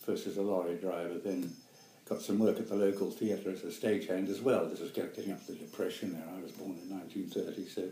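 A man's voice: sits low, fairly even intonation, quick pace, hardly any pauses, mellow, roomy sound, rough recording. An actor in his eighties with a New Zealand accent, reminiscing in an interview with chuckles and rambling self-corrections. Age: 80s. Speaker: guest actor.

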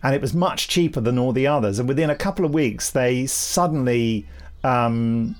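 A man with a mid-range voice co-hosts a podcast, chatting casually at normal speed. He rambles and laughs frequently.

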